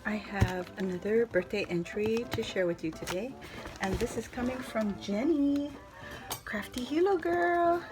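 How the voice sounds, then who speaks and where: A woman vlogger chatting casually as she unboxes a craft gift, gushing with excited exclamations. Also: a little high, unhurried, music in the background. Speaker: craft vlogger opening mail.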